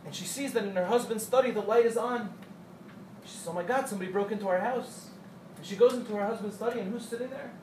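High-voiced man telling Torah stories. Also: fast. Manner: animated storyteller who acts out quotes and jokes with the audience. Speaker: Torah teacher addressing young women. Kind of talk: storytelling Torah class. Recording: echoey room, distant mic, faint hum.

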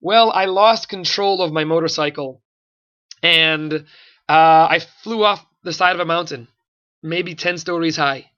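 Earnest tattooed biker, high bright voice, told by a man. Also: unhurried, clear, resonant tone, lo-fi sound. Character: rough adult male biker pleading earnestly.

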